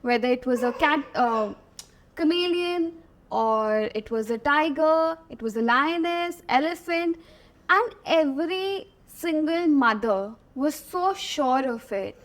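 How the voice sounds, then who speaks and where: A young woman with an Indian English accent, telling her story as an interview guest, animated and laughing often, slipping between Hindi and English. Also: high-pitched, takes it slowly.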